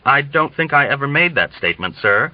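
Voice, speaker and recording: A man's voice: medium pitch, big pitch swings, a little fast, no room sound, voice pushed up, natural voice. A man voicing a frightened young cadet who stammers politely under questioning, in a dull, dry recording. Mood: flustered. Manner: flustered, stammering and deferential.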